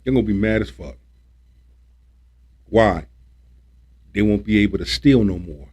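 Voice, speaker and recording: A man's voice: lowish voice, lively intonation, a little slow, darkish tone, husky. A man hosting a livestream, ranting about politics in a preachy, repetitive, emphatic way and swearing when he gets worked up. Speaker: livestream host.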